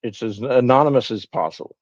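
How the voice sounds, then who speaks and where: A man's voice: mid-range voice, brisk, no room sound, muffled recording. A man co-hosting a casual live-stream chat, giving blunt, matter-of-fact commentary. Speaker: stream co-host.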